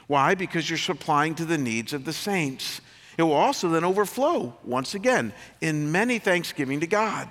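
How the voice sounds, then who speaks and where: A male pastor delivers a sermon in a church, his voice bright and forceful and a touch high. He swings from loud, lifted emphasis to soft, low asides. Long reverb trails each phrase. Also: moderate pace. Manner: animated preaching with sudden loud rises and soft drops.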